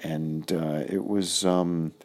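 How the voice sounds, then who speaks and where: A middle-aged man recalling an old friend in a casual, halting, reflective way with many pauses. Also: sits low, steady tone, a little mellow. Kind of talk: casual personal recollection.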